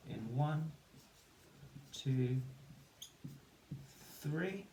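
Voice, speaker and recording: A man teaches a phonics lesson, counting to three and breaking words into separate sounds at a very unhurried pace. His voice carries in a roomy, echoing space with a faint hum of ambience behind it. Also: a little high, animated, warm tone. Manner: encouraging praise for pupils. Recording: echoey room with faint ambient noise.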